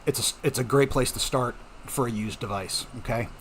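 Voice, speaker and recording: A man's voice: mid-range voice, brisk, a bit bright, a little hiss or hum. Chatty man explaining things casually. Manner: chatty, reassuring, frequent "okay?" check-ins. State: coughing at times. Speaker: home mining channel host. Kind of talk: casual explanatory talk to viewers.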